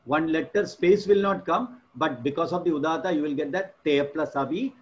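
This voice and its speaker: A man's voice: a little high, animated, brisk, hardly any pauses. A middle-aged man with a Malayali English accent, lecturing as a Sanskrit professor. He explains step by step, repeats terms, chants syllables and checks that the class understands. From India. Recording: dull lo-fi lecture recording.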